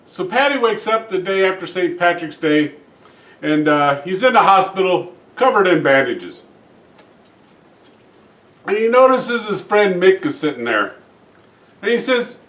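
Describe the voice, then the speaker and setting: A man telling jokes in a casual, folksy way, with lots of "uh" fillers, acting out characters in higher voices. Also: lively intonation, a little slow, a bit bright. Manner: folksy, frequent "uh" fillers, acts out characters with raised pitch. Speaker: joke teller. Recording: roomy echo, distant from mic.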